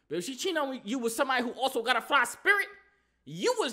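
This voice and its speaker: Man, high-pitched, lively, slangy, mocking, casual reaction commentary. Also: fast. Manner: slangy, animated, mocking, repeats "you know what I'm saying". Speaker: reaction video host.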